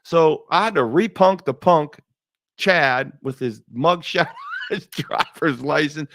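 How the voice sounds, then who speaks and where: Gravelly, animated man hosting a talk show. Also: a little high, slow pace, no room sound, clean studio sound. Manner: animated storyteller, repeats words, laughs often. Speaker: show host. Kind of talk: casual faith talk show monologue.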